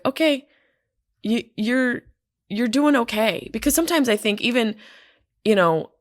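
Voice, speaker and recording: A woman comedian telling stories in casual chat, candid and profane, full of quick asides. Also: on the low side, dry recording, clean studio sound. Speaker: comedian and podcast guest. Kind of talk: casual storytelling. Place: hotel room.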